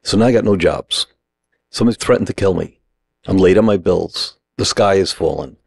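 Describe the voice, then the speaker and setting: A middle-aged man with a low, gravelly voice tells a story in short, punchy sentences. He slips into the other people's voices as he acts out their lines. The sound is dry and close. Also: a little fast, dry recording. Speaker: acting teacher, podcast guest. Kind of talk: animated storytelling.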